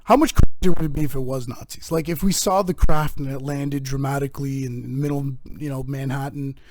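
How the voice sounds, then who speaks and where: A man's voice: medium pitch, fairly quick. A man hosting his own show, delivering a rambling, profane comedic monologue. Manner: rambling, profane, animated rants. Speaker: host.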